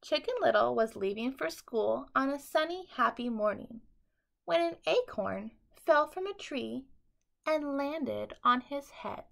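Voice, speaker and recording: A woman teacher reading a bedtime story aloud to children in an expressive, dramatic way. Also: high-pitched, measured pace, creaky.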